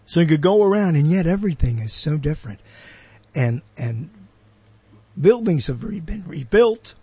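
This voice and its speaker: A man's voice: a little high, very animated, moderate pace, warm tone, breathy edge, no echo. An older man, hosting his own show with a rambling solo monologue, wandering off topic and correcting himself as he goes. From Brooklyn, New York. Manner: digressive, questions and corrects himself. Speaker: host.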